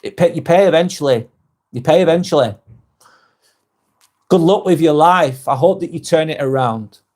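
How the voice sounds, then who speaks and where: A man hosting a live vlog, chatting casually and reading viewers' comments aloud, with frequent "um"s and quick apologies. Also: on the high side, a little mellow. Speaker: live-stream host.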